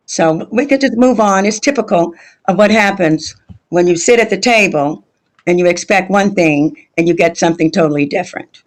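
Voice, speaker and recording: A man's voice: sits high, normal speed. A school board trustee in a heated meeting, pressing his point insistently and repeating it over interruptions.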